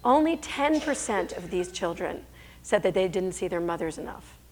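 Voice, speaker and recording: A woman's voice: on the low side, lively intonation, normal speed. Emphatic woman giving a stage talk. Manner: emphatic, rhetorical, with self-corrections. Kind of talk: conference talk. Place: stage before an audience.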